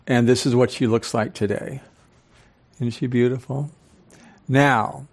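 Older man giving an animated lecture. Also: medium pitch, unhurried, long pauses. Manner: animated, quizzes the audience with questions. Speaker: speaker and professor. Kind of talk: live lecture to an audience. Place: club hall with a live audience.

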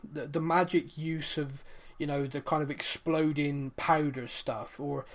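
A man co-hosting a casual podcast, talking through a series in a loose, rambling way. His voice sits a little high, and he fills his retelling with ums and quoted lines. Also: measured pace. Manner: animated, rambling retelling with fillers and acted-out quotes. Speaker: podcast co-host. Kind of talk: casual chat recapping a TV series.

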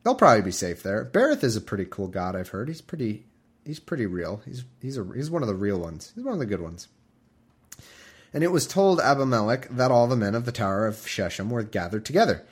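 A man's voice: lowish voice, big pitch swings, a little fast, husky. A man hosting a podcast, reading scripture aloud with wry, irreverent asides. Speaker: podcast host. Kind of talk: comedic scripture reading with commentary.

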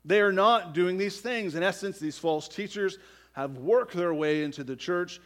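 A man's voice: high voice, normal speed. Emphatic male pastor preaching a sermon. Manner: emphatic preaching, frequent "right?" asides, rising and dropping to near-quiet.

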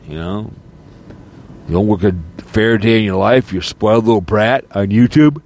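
A man's voice: fairly low pitch, measured pace, pauses often, darkish tone. A male streamer ranting in a monologue, firing repeated accusatory rhetorical questions. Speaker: streamer and podcast host.

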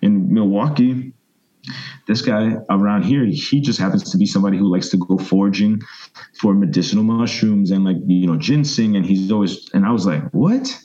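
A man in his thirties, a guest telling long, animated stories and acting out other people's voices. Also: fairly low pitch, normal speed, muffled recording. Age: 30s. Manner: rambling, animated storyteller, mimics voices. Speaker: interview guest. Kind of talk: casual storytelling interview.

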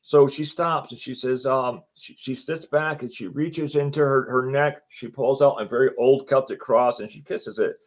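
A man's voice: mid-range voice, fairly even intonation, normal speed, hardly any pauses. A middle-aged man telling a personal story as a guest, retelling the conversations line by line and acting out what people said to him. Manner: chatty, often says "she goes" and restarts his sentences. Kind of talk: casual spoken anecdote.

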